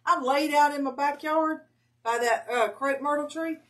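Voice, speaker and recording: A woman's voice: high-pitched, normal speed, far from the mic. A woman, chatting casually as a livestream guest and telling stories with a laugh at herself. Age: 50s. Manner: lively storytelling, laughs at herself. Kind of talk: casual chat.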